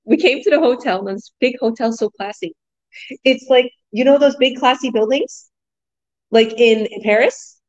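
Bubbly, excitable woman hosting a live chat. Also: a little high, normal speed, lo-fi sound. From Canada. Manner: bubbly, excited, laughs often. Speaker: host.

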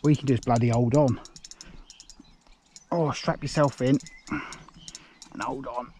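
A man commenting on his own fishing as he fights a fish, excited and muttering, straining with an aching arm. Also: medium pitch, unhurried, slight background noise. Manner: excited, breathless exclamations, muttered asides. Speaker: fishing vlogger. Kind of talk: live commentary while fishing. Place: outdoors by a lake.

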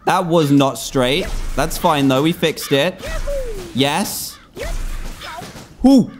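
A young man in his twenties commentating his own gameplay, excitable, exclaiming and groaning at every slip. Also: a little high, slow, faint music behind. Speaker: gaming YouTuber.

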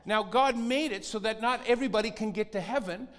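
A high, bright-voiced man preaches with lively swings in pitch, acting out whiny pleas along the way. His voice rings through a church hall with a long reverb tail. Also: a little fast. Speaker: pastor. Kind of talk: sermon.

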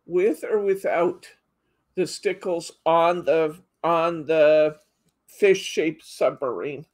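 A woman's voice: low voice, slow pace. A middle-aged woman hosting a live craft demo, chatting casually and reading out viewer comments. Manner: chatty, reads out viewer comments, frequent laughs. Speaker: craft show host.

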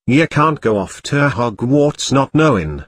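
A man voicing an excitable gruff giant groundskeeper with a broad rural dialect, reading a story. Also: mid-range voice, measured pace, dry recording. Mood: eager.

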